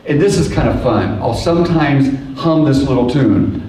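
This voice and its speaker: A man giving a lively creation science lecture, telling stories and acting out little voices as he goes. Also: fairly high pitch, normal speed. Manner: animated storyteller who acts out little voices and hums tunes. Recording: echoey hall, voice from far off.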